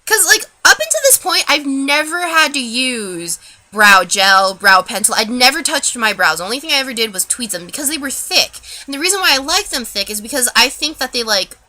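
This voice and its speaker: A young woman ranting in a vlog, telling a story with lots of cursing and "like" fillers, shifting from low mumbles to loud outbursts. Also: a little fast. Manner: animated, profane, lots of "like" fillers. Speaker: vlogger.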